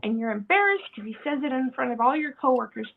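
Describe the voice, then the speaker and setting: A woman with a high, light voice talks in casual podcast chat, slipping into acted-out quotes with frequent laughter. The sound is thin and tinny, like a phone line. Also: lively intonation, fast, creaky. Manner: acts out quoted dialogue, laughing often. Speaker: podcast host.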